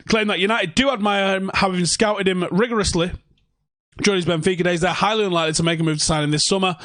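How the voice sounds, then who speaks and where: A young man rants through a casual livestream from his home. He swears freely and talks sarcastically. His voice sits a little higher than most men's. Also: a bit bright, no room sound, clean studio sound. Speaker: fan channel host.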